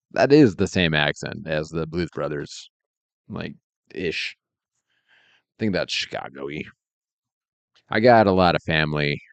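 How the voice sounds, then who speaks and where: This man's voice is low-pitched and gravelly, recorded with no echo. He's streaming as he works, rambling casually and easygoingly, and chuckles often.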